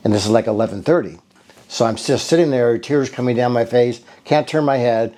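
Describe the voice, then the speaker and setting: A man's voice: medium pitch, brisk, dark tone. A man telling his own patient story in a casual, rambling and earnest way. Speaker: bodywork therapist giving a patient testimonial. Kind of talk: casual spoken testimonial.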